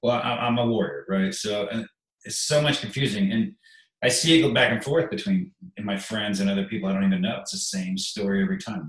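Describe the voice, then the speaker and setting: A man's voice: on the low side, steady tone, fast talker, roomy sound, rough recording. A man speaking as a guest in an interview, plainspoken and openly emotional, often repeating himself. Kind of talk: conversational interview.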